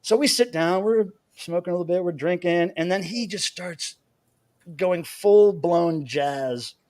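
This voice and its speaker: An American man hosting a livestream from home, telling a story in an animated, chatty way. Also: sits high, unhurried, no room sound. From United States. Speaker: livestream host.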